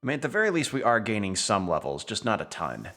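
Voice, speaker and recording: A young man with a fairly low voice gives casual commentary while streaming a video game, thinking out loud as he goes. He now and then reads game text in a dramatic voice. Faint game music plays beneath him. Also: wildly swooping pitch, fast. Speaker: gaming streamer. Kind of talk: casual let's-play commentary.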